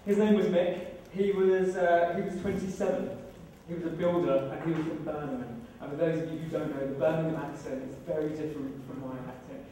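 A British man in his thirties performs a live storytelling set, wry and self-deprecating, in a fairly high, mellow voice. He sounds far from the mic, and the event room rings with a heavy echo. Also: fairly even intonation, brisk, slight background noise. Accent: British English.

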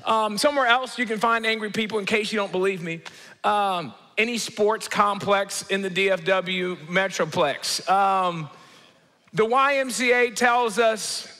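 A man preaching a comedic sermon as teaching pastor, animated storytelling that acts out quoted people with sudden jumps in pitch. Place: church auditorium. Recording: long reverb of a large church hall.

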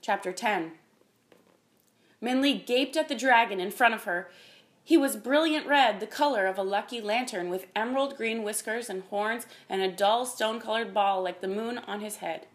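Woman calmly reading a storybook. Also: fairly high pitch, moderate pace. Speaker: reader.

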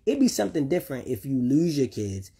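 Husky-voiced man ranting to camera. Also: mid-range voice, very animated, a little fast, warm tone. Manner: heated, repetitive, swears often; talks directly to listeners. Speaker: father speaking to viewers. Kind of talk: unscripted personal vlog rant.

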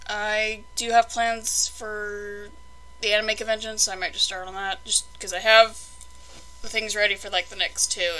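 A woman's voice: medium pitch, bright, forceful tone, rough recording. A young woman chatting casually through a toy unboxing, rambling and exasperated in her asides.

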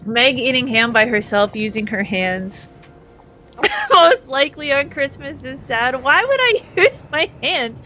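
A woman's voice: high voice, expressive, measured pace, sharp tone, a little hiss or hum. A woman from Canada streaming a game live, chatting and giggling as she reads out viewer comments. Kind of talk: live gameplay chat, reading viewer comments.

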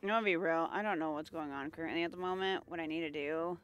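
A woman's voice: sits low, fast, fairly bright tone, highs cut off. A woman streamer giving playful, jokey let's-play commentary as she talks to herself. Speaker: game streamer.

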